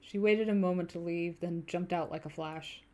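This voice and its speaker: Her lowish, slightly mellow voice holds a steady tone at normal speed as she reads narration from a story game on stream. The young woman keeps things casual, swearing freely and talking with viewers between passages.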